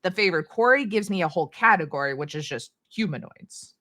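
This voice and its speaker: A woman's voice: on the low side, animated, fairly quick, bright, forceful tone. A woman playing a tabletop game on a livestream, talking in a hesitant, giggly way full of fillers. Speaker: player.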